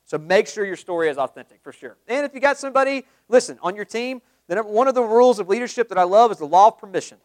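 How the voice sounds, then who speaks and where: A man giving a live sales training talk to a group, energetic, quizzing the room with questions and acting out sample calls. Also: sits high, fast talker, few pauses, no echo. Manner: acts out sample phone calls.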